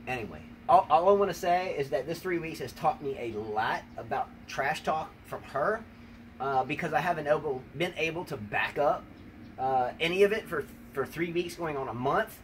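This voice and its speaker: American guy teasing his wife, high animated voice, mic kinda far off, faint background hiss. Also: normal speed. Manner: teasing, rambling, repeats "number one, okay?". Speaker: tennis show host. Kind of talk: playful trash talk to his wife. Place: outdoors on a rainy day. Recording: distant mic with faint ambient noise.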